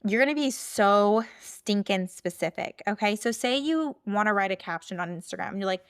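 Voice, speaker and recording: A woman's voice: medium pitch, lively intonation, normal speed, hardly any pauses, clean tone. Chatty woman podcast host. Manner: chatty, filler-heavy, with many "like"s and "okay?"s. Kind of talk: casual solo podcast talk.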